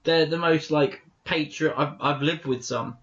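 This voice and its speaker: A man's voice: a little high, fairly even intonation, a little slow, a bit bright, muffled recording. A man co-hosting a podcast, chatting casually and telling rambling stories with lots of self-corrections. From England. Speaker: podcast co-host. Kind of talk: casual chat.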